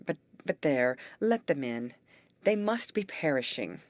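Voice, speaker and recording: A woman voicing a tall teenage girl who is tearful and speaks in a faltering, halting way. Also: deep voice, sing-song, dry recording.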